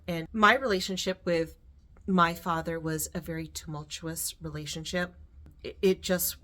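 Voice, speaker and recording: Heartfelt middle-aged woman vlogging. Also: on the low side. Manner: heartfelt, rambling, with restarts and soft laughs. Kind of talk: personal storytelling vlog.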